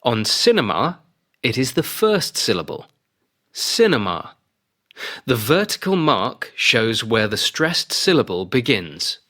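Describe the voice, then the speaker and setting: Male instructional reader, slow, bright, lively pitch. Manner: slow, careful, clearly articulated. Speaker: textbook audio narrator. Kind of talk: scripted instructional reading.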